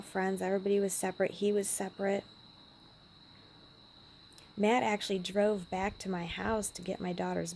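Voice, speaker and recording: A woman with a gravelly, mellow voice recounts a personal story straight to camera. She speaks with feeling and slips into hushed whispers. A faint hiss sits under her voice. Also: mid-range voice. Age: adult parent. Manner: emotional, drops to a hushed whisper at times. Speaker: vlogger.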